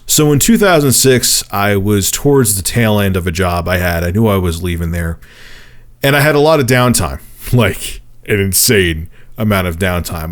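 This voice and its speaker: A vlogger in his thirties with a lowish voice tells a personal story to camera, animated and profane.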